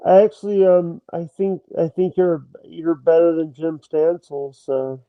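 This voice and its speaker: Man, high voice, slow hesitant talk, dull lo-fi call audio, halting and repetitive. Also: steady tone, dry recording. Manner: hesitant, halting, repeats himself. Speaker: call-in guest. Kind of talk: casual chat over a call.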